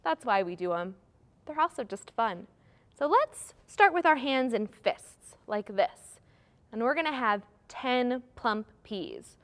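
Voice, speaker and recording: A young adult woman runs a children's storytime, reciting garden rhymes. Her voice sits high and moves slowly, drawing out each line. She gasps theatrically and mimics animal sounds. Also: expressive. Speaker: children's librarian leading storytime.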